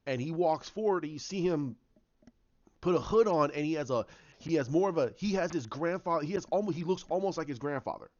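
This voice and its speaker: A man's voice: fairly high pitch, animated, brisk, darkish tone, dull audio. A man casually talking through a story idea, rambling with lots of restarts and acted-out bits. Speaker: fan commentator.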